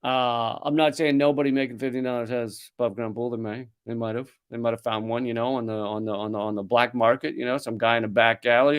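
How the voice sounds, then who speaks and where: A man's voice: mid-range voice, steady tone, fast, few pauses, clear, resonant tone, muffled recording. A man hosting comedic political commentary, sardonic and rambling with restarts. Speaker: comedian host.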